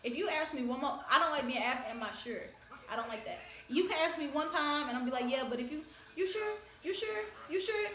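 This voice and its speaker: A woman with a high, slightly bright voice talks quickly as host of a casual discussion, lecturing emphatically and laughing often. The room sounds echoey.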